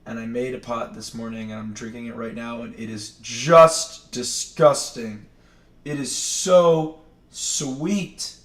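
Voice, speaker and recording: A man from Maine hosts his morning livestream, wandering from thought to thought and correcting himself as he goes. His voice sits at an ordinary middle pitch. It carries the echo of a roomy space and sounds a little far from the microphone. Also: fairly even intonation, moderate pace, hardly any pauses, a bit bright. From New England, Maine. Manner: rambling, chatty, self-correcting. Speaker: livestream host. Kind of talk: casual chat. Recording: echoey room, distant mic.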